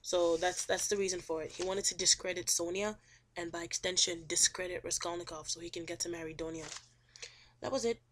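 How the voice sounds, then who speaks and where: A woman's voice: fairly low pitch, steady tone, fairly quick, a bit bright, a little hiss or hum. A young woman casually recapping a chapter of a novel, rambling with lots of ums and acting out the characters' lines. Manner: chatty, rambling, full of ums, acts out quotes. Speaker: student summarizing a novel.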